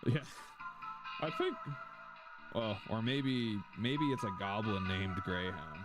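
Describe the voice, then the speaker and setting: A man's voice: lowish voice, expressive, slow, long pauses, over loud music. A man streaming a game, joking and rambling and slipping into silly voices. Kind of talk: casual gaming livestream.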